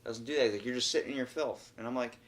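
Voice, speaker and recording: A young man hosting a podcast, chatting casually and telling a story with lively acted-out voices. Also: medium pitch, very fast. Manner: animated storyteller, acts out quoted voices. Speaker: podcast host. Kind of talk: casual chat.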